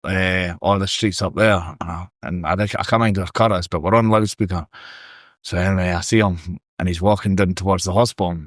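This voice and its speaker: A Scottish man telling a story on a podcast, in a casual, animated and sweary way. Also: low-pitched, brisk, dry recording, studio quality. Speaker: podcast guest.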